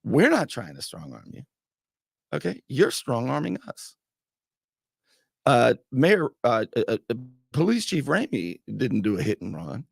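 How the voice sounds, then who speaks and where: A male talk show host with a rough, gravelly and husky voice. He comments on a clip with biting sarcasm, his pitch swinging widely. The sound is dry and close. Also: a little slow, no room sound. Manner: sarcastic, mocking, animated. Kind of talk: commentary over a played clip.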